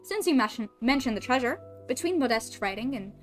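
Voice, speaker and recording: A woman voicing a composed, refined female chef in a put-on French accent, low and measured. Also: animated, soft background music. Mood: explaining.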